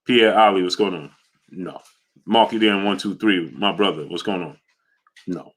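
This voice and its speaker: Hype-driven boxing streamer, bright voice. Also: male voice, low-pitched, moderate pace. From New York. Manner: shouts out viewers by name, loud hype bursts. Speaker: boxing livestream host. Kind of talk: casual livestream chat reading super chats.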